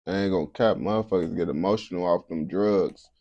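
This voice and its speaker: A man's voice: sits low, a little fast, a little mellow, dry recording, lo-fi sound. A man streaming casual reaction commentary, blunt and heavy on slang.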